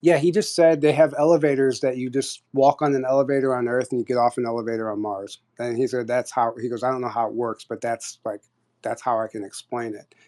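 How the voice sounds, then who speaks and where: A man telling a long personal story on an audio chat, rambling and animated, with many fillers and restarts. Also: medium pitch, a little fast. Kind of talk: casual storytelling.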